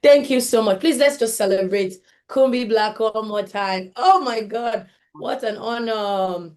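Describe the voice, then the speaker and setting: A woman's voice: fairly high pitch, a little slow, a little mellow. A woman hosting a live event, gushing and exclaiming, and laughing often between her remarks. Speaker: event host.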